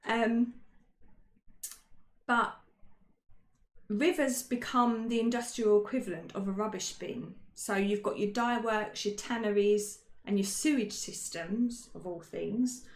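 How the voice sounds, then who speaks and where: A woman's voice: mid-range voice, slow pace. A woman co-hosting a casual history podcast, chatty and jokey, with many ums and self-corrections. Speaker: podcast co-host. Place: indoor room, shared with co-host. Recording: roomy echo.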